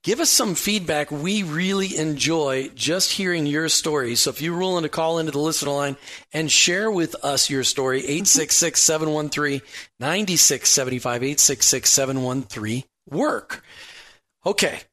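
Upbeat, slightly high-voiced radio host. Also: male voice, moderate pace, sharp tone. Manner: jokey and upbeat, teasing guests. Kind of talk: casual talk radio.

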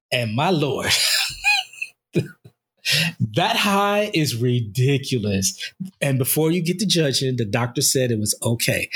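Male, 30s, husky, mid pitch, candid rambling podcast co-host, still in pain. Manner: candid, rambling storytelling with fillers. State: recovering from injury, in pain. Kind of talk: casual chat.

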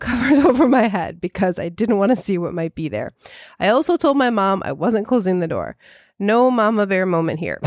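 A woman co-hosting a podcast, reading a listener's ghost story in a soft, measured way and then chatting casually. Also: mid-range voice, no room sound, studio quality. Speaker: podcast co-host.

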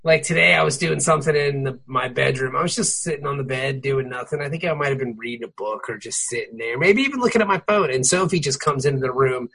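A man in his thirties co-hosting a podcast, chatting casually in an animated, joking way. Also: medium pitch, quick pace, gravelly, few pauses, slightly rough. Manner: animated and joking, laughs often. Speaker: podcast co-host. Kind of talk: casual chat.

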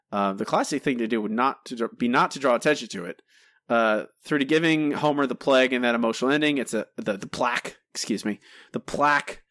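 A man's voice: medium pitch, dry recording. Chatty male podcast host, dry sound. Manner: relaxed, chatty, with frequent fillers and self-corrections. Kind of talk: casual podcast chat, reading listener answers.

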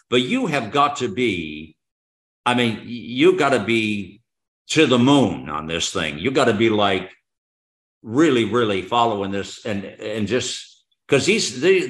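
A man's voice: mid-range voice, a bit bright. A man hosting a talk radio interview, speaking fervently and patriotically with rambling restarts. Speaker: radio host.

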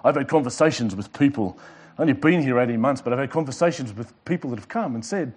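A man's voice: mid-range voice, expressive, darkish tone, slightly rough. A male pastor preaching a sermon with emphatic delivery, repeating and underlining his words. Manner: emphatic preaching with pauses and repetitions.

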